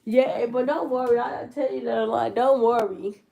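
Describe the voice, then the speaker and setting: Stuffy-nosed 19 yr old girl chatting with her stream, lots of vocal fry. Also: fairly high pitch, steady tone, moderate pace, mellow, lo-fi sound. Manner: rambling, answering chat comments. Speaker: livestreamer. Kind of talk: casual chat with viewers.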